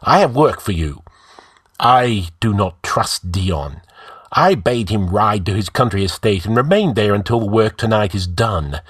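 A man's voice: on the low side, animated, a little slow, breathy edge, no room sound, studio quality, pitched above the performer's own voice. A man voicing an arrogant, scheming male outlaw who gives orders in a commanding, scornful way.

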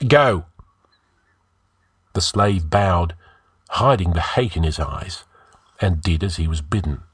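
A man narrating a fantasy story for an audio fiction show in a measured, deliberate way. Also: low voice, slightly rough, no room sound, studio quality.

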